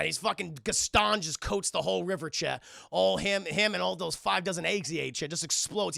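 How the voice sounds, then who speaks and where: A man streaming a casual, profane film recap, animated and talking to his chat throughout. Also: fairly high pitch, creaky, no echo, clean studio sound.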